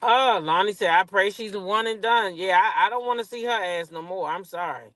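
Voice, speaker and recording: Woman commentator, AAVE, ranting in her car, blunt, foul-mouthed, animated. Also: medium pitch, fairly quick, no room sound. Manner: blunt, profane, animated, talks back to chat. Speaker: reality TV commentator. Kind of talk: casual rant to viewers. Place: in a car at a drive-through.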